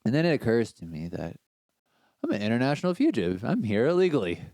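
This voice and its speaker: A man telling a story as a podcast guest, animated and slangy, swearing freely. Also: medium pitch, fast talker, dry recording. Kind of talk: casual storytelling.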